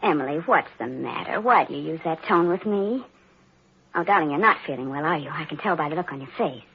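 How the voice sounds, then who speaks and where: An actress playing a sweet, excitable young woman in an old radio drama, girlish and breathless. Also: deep voice, fairly quick, slightly rough, exaggerated voice. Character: sweet excitable young fiancée Daisy, easily frightened. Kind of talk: 1940s radio acting. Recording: dull old radio broadcast.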